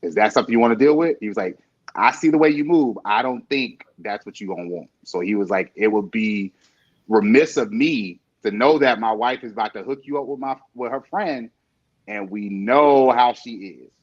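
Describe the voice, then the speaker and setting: A man on an interview show telling a story in a lively way, acting out quotes and laughing often. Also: on the low side, moderate pace. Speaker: interview guest. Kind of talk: conversational podcast interview. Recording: dull lo-fi sound.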